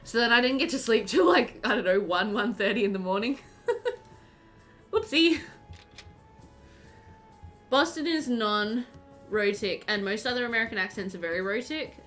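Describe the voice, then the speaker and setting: A woman's voice: on the high side, expressive, brisk, fairly bright tone, faint music behind. A woman with an Australian accent, live-streaming a game at home and chatting in a rambling way, full of fillers. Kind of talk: casual chat while live-streaming a game.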